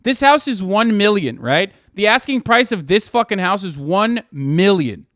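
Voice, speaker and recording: A man's voice: high-pitched, animated, measured pace, fairly bright tone, no echo, studio quality. A man hosting a live stream who reacts to news clips with heated, profane ranting and reads items aloud.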